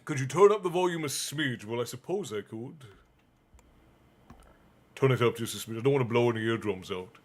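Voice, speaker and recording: Relaxed man reading a bedtime story. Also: mid-range voice, brisk, long pauses. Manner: relaxed, chatty, answers the chat aloud. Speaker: stream host and reader. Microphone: streaming mic.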